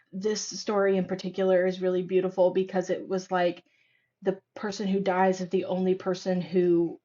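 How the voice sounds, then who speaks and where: A woman speaking as a podcast guest, telling stories in an animated way with frequent fillers. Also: medium pitch, lo-fi sound. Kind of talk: casual conversational interview.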